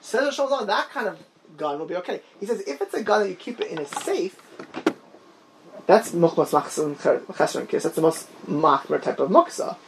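Man, torah class teacher, lively swooping pitch, digressive, faint hiss. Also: creaky. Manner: animated, digressive, quick bursts of storytelling. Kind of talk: informal Talmud class discussion.

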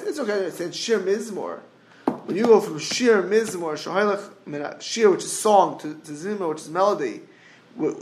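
A man's voice: high voice, vocal fry, noisy background. A middle-aged man giving an informal Torah class, digressive and full of restarts. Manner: digressive, restarts often, hums melodies. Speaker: Torah teacher.

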